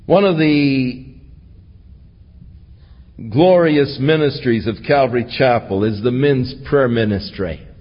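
Pastor, male, husky and unhurried, lively pitch, verse-by-verse preaching, dull recording with long reverb. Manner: reads scripture aloud, then explains it verse by verse. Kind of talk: expository sermon.

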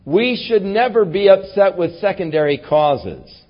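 A man's voice: high-pitched, unhurried. Guy preaching from the bible, reads verses then riffs on them casually, kinda muffled old-tape sound. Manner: reads scripture then paraphrases it in casual, animated asides. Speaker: pastor. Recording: dull lo-fi recording.

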